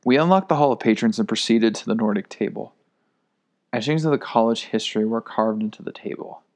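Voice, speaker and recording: A man narrating a first-person story in a steady storytelling manner. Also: on the low side, a little fast.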